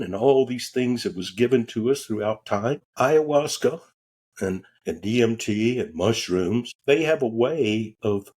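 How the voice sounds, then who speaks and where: Fairly low and husky, with a slightly mellow quality, the man's voice belongs to a transformational coach appearing as a podcast guest. He shares a story in a relaxed, frank way, cursing now and then.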